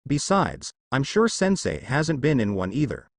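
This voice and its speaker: A man's voice: mid-range voice, sing-song, unhurried, no room sound, clean studio sound. A man voicing a brash, whiny teenage boy ninja who complains a lot. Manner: complaining, whining.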